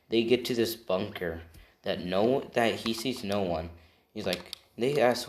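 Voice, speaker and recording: A man's voice: fairly low pitch, moderate pace, echoey room, a little hiss or hum. A man improvising a fan story aloud, rambling and often correcting himself as he goes. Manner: rambling, self-correcting, tells it off the cuff.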